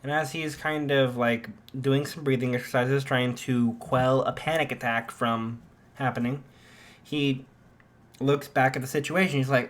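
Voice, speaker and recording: A man's voice: medium pitch, fairly even intonation, measured pace. A man improvising a fan-fiction story aloud, rambling with many fillers and restarts.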